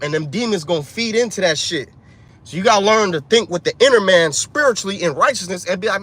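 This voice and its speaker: A man's voice: high-pitched, animated, brisk, pushed and bright. A man preaching an informal street sermon, urgent and profane, ending lines with "man" and "bro".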